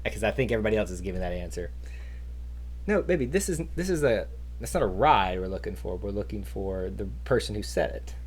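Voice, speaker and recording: A man's voice: fairly low pitch, animated, brisk, darkish tone. A man hosting a live trivia stream in casual chat, rambling onto tangents. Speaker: trivia host.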